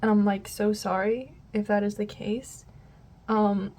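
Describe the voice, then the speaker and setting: A woman's voice: medium pitch, completely flat delivery, measured pace, a little mellow. A woman giving a casual tarot reading to her viewers, rambling and often losing her train of thought. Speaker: tarot reader.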